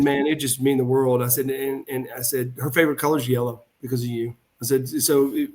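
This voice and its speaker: A middle-aged man who used to wrestle professionally tells stories as a podcast guest, his voice a bit higher than most men's. He rambles warmly, stumbling and starting over, then throws animated, heartfelt energy into the dialogue he retells in this casual interview.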